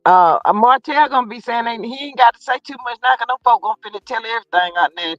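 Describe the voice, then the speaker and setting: A woman's voice: a little high, fast, dry recording, dull audio, soft background music. A woman chatting casually, laid-back and agreeing with lots of hums. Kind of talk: casual gossip chat.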